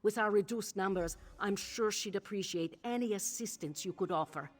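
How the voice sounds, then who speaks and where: An actress voicing a weary woman guard of an undersupplied garrison in a video game, with a flat, uneven delivery over faint game music. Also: medium pitch, moderate pace, natural voice. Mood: worried.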